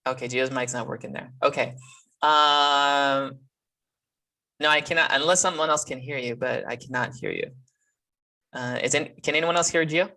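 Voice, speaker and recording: Halting male instructor on video call. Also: mid-range voice, fairly even intonation, pushed and bright. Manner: halting, filler-heavy, restarts. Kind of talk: live online class.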